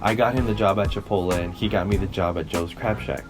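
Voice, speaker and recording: A man's voice: low-pitched, fast talker, over music. A young man co-hosting a podcast, telling stories in a loose, rambling way with swearing and self-corrections. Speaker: podcast co-host. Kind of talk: casual chat.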